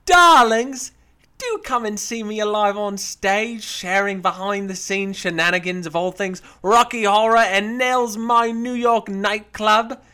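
A man's voice: high voice, measured pace, sharp tone, clean tone, voice pushed up. A man on a podcast doing a comic impression of a gushing, flamboyant older woman performer with a put-on Cockney-style accent. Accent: put-on Cockney-style English.

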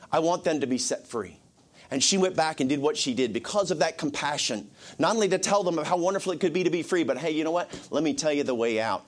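High-voiced pastor, whispers to swells. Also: male voice. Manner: preaching with swells from soft whispers to raised urgent lines. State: sniffly, emotional. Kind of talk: sermon.

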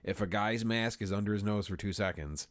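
A man's voice: fairly low pitch, fairly quick, dry recording, studio quality. A man in casual chat, throwing in sarcastic, joking remarks and swearing freely.

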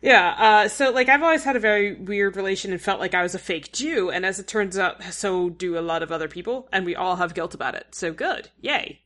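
A young woman co-hosting a podcast, chatting in a rambling, enthusiastic way with quick laughs and sudden jumps up in pitch. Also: a bit bright. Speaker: podcast co-host. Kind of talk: casual chat.

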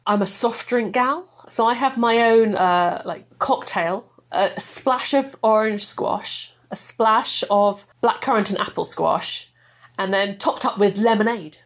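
A woman's voice: mid-range voice, takes it slowly. A woman chatting enthusiastically as a guest, laughing often. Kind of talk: casual chat.

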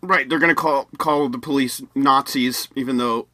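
A man's voice: mid-range voice, fairly even intonation, normal speed, bright, forceful tone, dry recording. A man co-hosting a podcast in casual chat, rambling and correcting himself as he goes. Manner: rambling, restarts and self-corrections. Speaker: podcast co-host.

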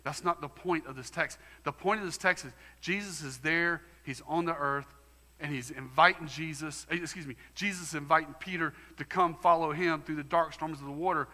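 A man's voice: fairly high pitch, a little fast, pushed and bright, big-room sound. A man preaching a sermon as pastor, emphatic and conversational. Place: church sanctuary.

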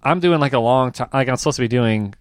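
A man's voice: mid-range voice, fast, dry recording, studio quality. A man, a comedian and podcast co-host, telling a story in casual chat, rambling with lots of fillers and restarts and laughing as he talks. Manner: animated, rambling, full of fillers and restarts, laughs mid-sentence.

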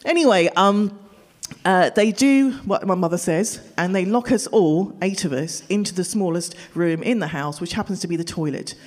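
Woman, live storytelling, animated, laughing, exasperated outbursts, acts out family voices. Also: fairly low pitch, moderate pace, hardly any pauses. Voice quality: expressive, swings into loud exasperated outbursts. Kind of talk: live personal storytelling to an audience.

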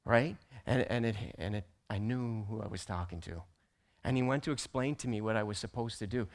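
A man teaching a church group, telling a personal story with animated delivery that builds to loud, emphatic peaks. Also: lowish voice, fairly quick. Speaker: church teacher presenting slides.

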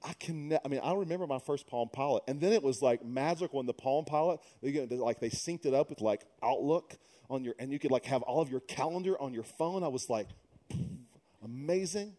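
This pastor, a man in middle age, speaks with a warm mid-range voice and a fairly brisk pace. His sermon shifts between humorous anecdotes told conversationally and forceful preaching.

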